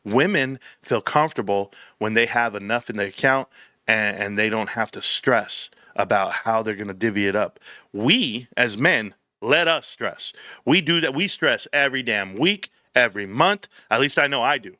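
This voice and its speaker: A man's voice: mid-range voice, normal speed, no echo, clean studio sound. A man hosting his own channel, rambling casually with slang and acting out little dialogues as he tells stories. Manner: animated storytelling, slangy, plays out dialogue in voices. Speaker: YouTube host.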